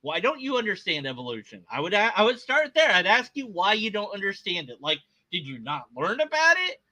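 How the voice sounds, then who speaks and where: A man's voice: high-pitched, huge pitch swings, brisk, pushed and bright, no room sound. A man hosting a reaction video, ranting at a clip with sarcastic, exasperated, over-the-top comedy.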